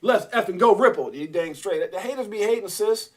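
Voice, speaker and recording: Man, high voice, casual livestream chat, excitable, joking, talks to viewers. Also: brisk. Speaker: crypto livestream host. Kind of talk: casual live-stream chat.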